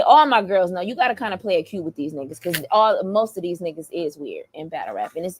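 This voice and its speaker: A young woman, a battle rapper, telling a story in an animated, profane, emphatic rant. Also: medium pitch, no echo.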